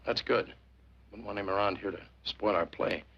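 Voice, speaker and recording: A man's voice: on the low side, fairly even intonation, normal speed, fairly bright tone, breathy edge. An actor playing a cocky saloon gunman in a 1940s western, brash and taunting. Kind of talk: 1940s western film acting. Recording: muffled old film soundtrack with score.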